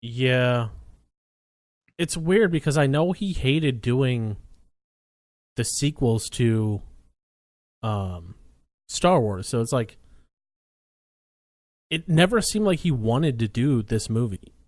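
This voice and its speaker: Male co-host, blunt hot takes, mid pitch, dry close mic. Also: lively intonation, slow pace, long pauses, a little mellow, no echo. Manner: blunt, opinionated. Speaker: podcast co-host. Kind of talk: casual movie chat.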